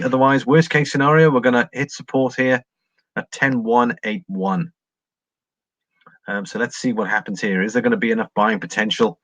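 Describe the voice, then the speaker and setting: On a laid-back livestream, a man rambles through viewer comments and price charts. His voice sits at medium pitch with a slightly bright quality, captured in a dry recording.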